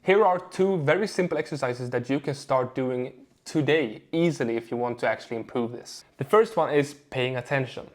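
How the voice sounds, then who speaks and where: A young adult man, a communication coach, giving a measured lesson to camera, stressing key words and pausing for effect. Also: medium pitch. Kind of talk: instructional video talk to camera.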